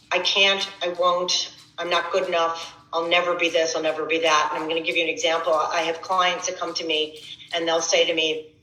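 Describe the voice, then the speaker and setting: A woman's voice: mid-range voice, bright, forceful tone, reverberant, rough recording. A middle-aged woman fitness coach giving a casual motivational workshop talk, conversational and repetitive, often restarting her words.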